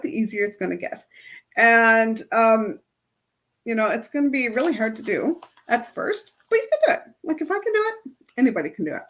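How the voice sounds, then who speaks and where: A middle-aged woman life coach leading a self-help workshop in a casual, chatty way, often ending her points with "right?". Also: a little high. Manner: chatty, tags lines with "right?". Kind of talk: casual workshop talk to a group.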